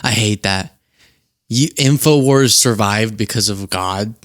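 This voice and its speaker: A man hosting casual political commentary, sarcastic and quick to laugh. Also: lowish voice, fairly bright tone, no echo, studio quality. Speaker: host.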